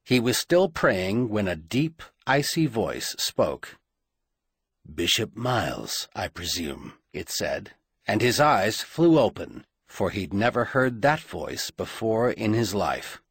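Male audiobook reader, slow and dramatic, low husky voice with lively pitch. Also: no room sound, clean studio sound. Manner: measured, dramatic storytelling. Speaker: audiobook narrator. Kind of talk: scripted audiobook narration.

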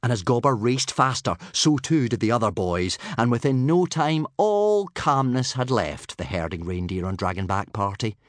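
A man reading a children's story aloud in an animated storybook narration. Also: mid-range voice, moderate pace, few pauses, dry recording, clean studio sound. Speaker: audiobook narrator.

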